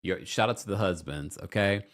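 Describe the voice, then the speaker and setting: A man hosting a reality TV recap vlog, talking in a gossipy, animated way and jumping into high mocking voices when he quotes people. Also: normal speed. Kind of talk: casual recap commentary.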